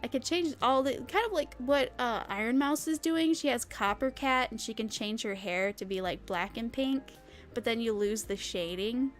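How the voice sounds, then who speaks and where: A woman's voice: fairly high pitch, expressive, moderate pace, soft background music. A young woman streaming, chatting casually and rambling with lots of fillers and giggles. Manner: bubbly, giggly, rambling with many "like"s. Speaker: vtuber streamer. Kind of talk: casual chat with chat readers.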